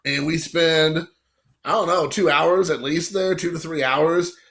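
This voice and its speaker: A man chats casually into the camera for his collecting vlog. His voice sits a bit high and sounds bright and forward, and he rambles through his story with excitement, slipping into quoted asides. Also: measured pace, gravelly. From Indiana, USA. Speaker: card-collecting channel host.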